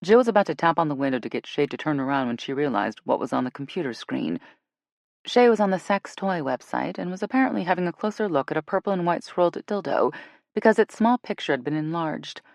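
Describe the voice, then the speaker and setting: Woman narrator, low voice, lively intonation, dry studio sound. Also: fast, gravelly, no echo. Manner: expressive, switches between characters. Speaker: audiobook narrator. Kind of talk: scripted narration.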